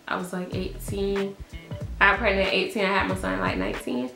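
A woman's voice: medium pitch, animated, normal speed, roomy sound, music in the background. A woman, telling a casual storytime as a vlogger, chatty and laughing, full of "like" and "y'all". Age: early 20s.

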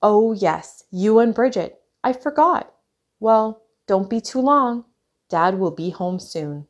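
A woman voicing a boy's easygoing, surprised mother in a read-aloud picture book, speaking high and breezy. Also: lively intonation, slow pace. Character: surprised, easygoing mom of a young boy.

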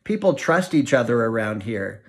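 A man's voice: mid-range voice, big pitch swings, moderate pace. A man voicing an anxious, emotional middle-aged mother in an audiobook reading. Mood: earnest. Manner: anxious, emotional, prone to dramatics. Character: fretful thrifty small-town mother, middle-aged woman.

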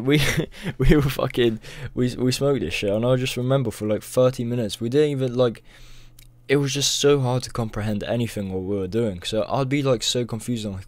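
A man's voice: medium pitch, a little mellow, no echo. Profane rambling young man. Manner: rambling, profane, peppered with "bro". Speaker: storytime vlogger. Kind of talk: casual storytime.

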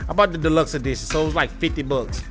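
Racing through his words in a fairly high voice, a young man streams a fighting game with music behind him. He curses, taunts opponents and unloads his frustration on chat, with loud outbursts along the way.

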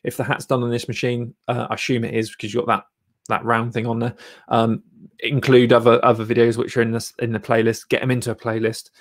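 A man with a voice of ordinary pitch hosts a live channel review. He talks loosely and encouragingly, with plenty of ums and restarts. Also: completely flat delivery, quick pace. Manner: rambling, filler-heavy, encouraging. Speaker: YouTube channel coach and host.

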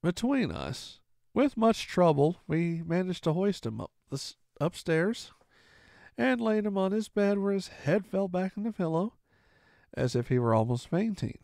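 A man narrates an old adventure tale with a lively, swooping delivery and a gravelly voice. The voice is fairly high for a man. The sound is dry and close, with no room around it. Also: unhurried, no echo. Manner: expressive first-person narration. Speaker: storyteller. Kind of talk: reading a classic novel aloud.

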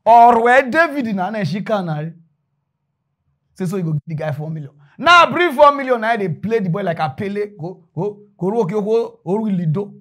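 A man with a Nigerian accent telling a comic story in Pidgin, jumping between loud bursts and hushed asides. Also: sits high, expressive, moderate pace. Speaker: comedian storyteller.

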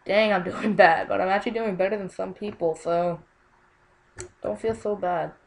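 A woman's voice: medium pitch, fairly even intonation, normal speed, slight background noise, poor audio. A young woman casually commenting on her own gameplay, exclaiming often and muttering under her breath.

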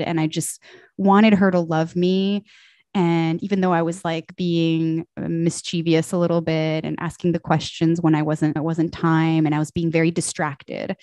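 A young woman telling a personal story in casual podcast chat, animated and acting out quoted voices. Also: deep voice, no echo. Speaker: podcast guest.

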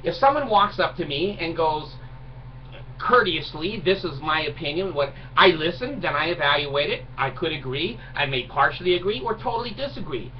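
Middle-aged vlogger, animated mocking rant, recorded far off with faint hiss. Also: male voice, on the high side, normal speed. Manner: mocking, indignant, laughs at own jokes. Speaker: video blogger. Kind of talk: ranting monologue. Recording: distant mic, dull lo-fi sound, faint noise.

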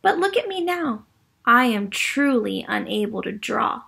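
A woman voicing a wise, worn-down old pencil stub in a storybook, giving slow, solemn advice in a creaky, husky voice. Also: on the high side, big pitch swings, pushed and bright, full character voice. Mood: wise, urging.

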